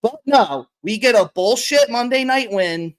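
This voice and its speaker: A woman's voice: fairly high pitch, animated, measured pace. A woman co-hosting a casual sports podcast, ranting profanely and with exasperation. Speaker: podcast co-host.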